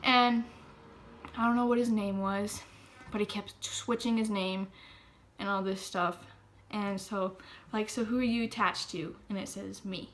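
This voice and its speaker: A teenage girl in a casual vlog, retelling a spooky night with constant fillers. Her voice sits at an ordinary pitch for a young woman. She slides between excited chatter and hushed, breathy whispers. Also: measured pace, slight background noise. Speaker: vlogger. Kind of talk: casual storytelling.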